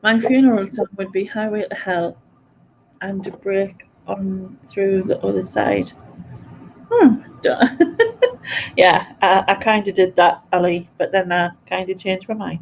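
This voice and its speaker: With a mid-range voice, fairly even intonation, and a measured pace, this woman runs a casual livestream chat, reading comments as they come in. She's chatty and giggles often. The stream's audio is dull and lo-fi, with a bit of background noise.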